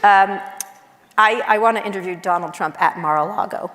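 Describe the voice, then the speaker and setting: A middle-aged woman journalist chatting casually on stage, blunt and wry, telling quick animated stories with asides. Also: medium pitch. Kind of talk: casual onstage conversation. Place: large university auditorium. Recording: long auditorium reverb.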